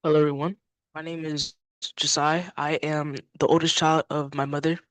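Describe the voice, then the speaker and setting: An emotional man gives a short, halting eulogy in simple words, pausing often. The sound is dry and close. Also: fairly high pitch, level tone, a bit bright, no room sound. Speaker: family member giving a eulogy. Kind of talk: memorial eulogy.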